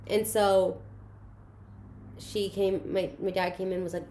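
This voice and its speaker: A young woman recounts her school days in a relaxed, conversational way. She gets animated and acts out the voices of the people in her story. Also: lowish voice, fast talker. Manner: animated, acts out quoted voices, laughs through emotional moments. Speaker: guest sharing her story. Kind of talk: casual personal storytelling.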